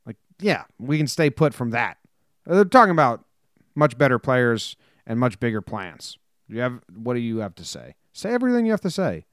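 A man co-hosting a casual sports podcast, joking and quick as he reads listener messages. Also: mid-range voice, no echo, clean studio sound. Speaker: podcast co-host.

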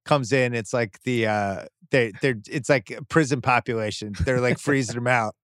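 A man's voice: medium pitch, normal speed, no echo. A middle-aged man hosting a sports podcast, telling a long home story in casual chat and acting out what people said. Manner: animated storytelling, acts out voices in quotes. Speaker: podcast host. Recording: dry close studio mic.

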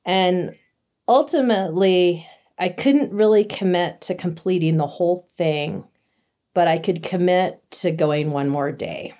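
A woman telling a personal story in a casual, lively way, laughing now and then and acting out what was said. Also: fairly low pitch, unhurried. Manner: lively, laughs while telling, acts out quotes. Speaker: interviewee telling a hiking story.

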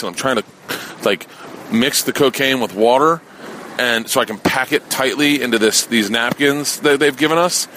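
A man telling his dreams in a rambling, profane, animated monologue for a podcast. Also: medium pitch, slight background noise. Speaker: podcast host recounting dreams. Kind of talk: casual storytelling monologue.

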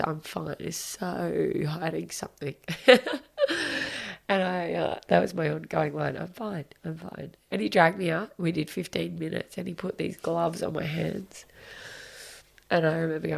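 Her voice is deep, gravelly, and breathy, holding a steady tone at normal speed. The woman, in her thirties, is a podcast guest giving a candid, emotional, confessional interview, occasionally swearing and lowering her voice to a whisper.

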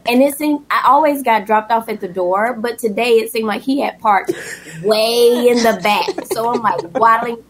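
A young woman talks casually and at length, telling a personal story in a chatty, animated way. She slips into a higher voice to act out what people said. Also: moderate pace. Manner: chatty and animated, acts out quoted lines in a high voice. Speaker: guest telling her birth story.

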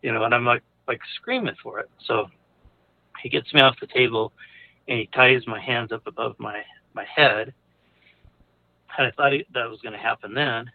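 A man's voice: medium pitch, fairly even intonation, moderate pace, vocal fry, long pauses, no echo. A man casually telling a personal story, rambling with lots of fillers and restarts. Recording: narrow phone-like audio.

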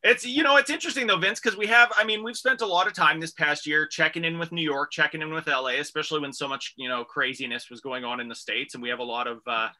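A man hosting a radio comedy show, talking in an upbeat, jokey way with drawn-out announcer phrasing. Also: fairly high pitch, sharp tone.

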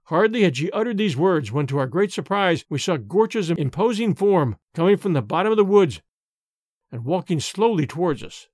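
A man's voice: sits high, normal speed, no room sound, studio quality. A man giving a dramatic audiobook reading of a gothic story, voicing the characters' lines with feeling. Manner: expressive, voices the characters' lines.

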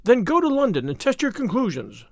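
A man voicing a sharp, strong-willed young woman, asking tart, impatient questions. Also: extremely high pitch, huge pitch swings, fairly quick, no echo, clean studio sound, voice pushed up, full character voice.

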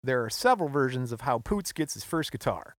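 A man co-hosting a podcast, relaxed as he recounts a history story and laughing often. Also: medium pitch, a little fast, no room sound, clean studio sound. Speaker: podcast co-host. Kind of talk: casual storytelling chat.

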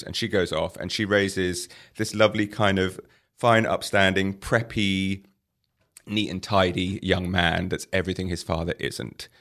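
A man's voice: deep voice, a bit bright. A man reviewing a film on a casual podcast, telling the plot in a wry, sarcastic way with punchlines. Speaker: arts editor reviewing films.

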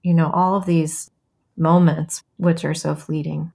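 A woman's voice: sits low, little pitch movement, measured pace, gravelly, a little mellow, breathy edge. A woman playwright in an interview, speaking thoughtfully and acting out quoted voices with animation. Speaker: playwright and memoir author, guest. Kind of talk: reflective interview conversation.

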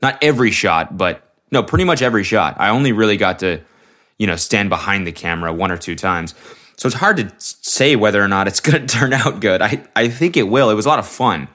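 A young man hosts his own podcast solo, rambling in a laid-back, self-mocking way into a studio mic with headphones on. His voice is on the low side but pushed and bright, with lively intonation and a brisk pace.

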